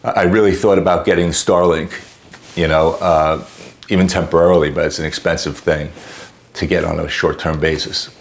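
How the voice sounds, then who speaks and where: Deep-voiced man venting to camera. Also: normal speed. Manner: exasperated, animated retelling with acted quotes. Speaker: homeowner telling a customer-service story. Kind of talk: casual to-camera storytelling.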